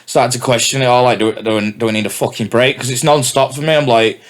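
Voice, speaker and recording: A man's voice: medium pitch, steady tone, fast. A young man, a DJ and MC guest on a podcast, talking candidly and swearing in casual chat. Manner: candid, sweary, laid-back.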